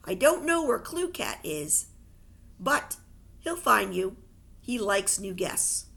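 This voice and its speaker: A gentle, motherly old housekeeper with a hint of mystery, put on by a woman reading a storybook. She speaks slowly with a slightly gravelly voice. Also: medium pitch, very animated, heavily acted.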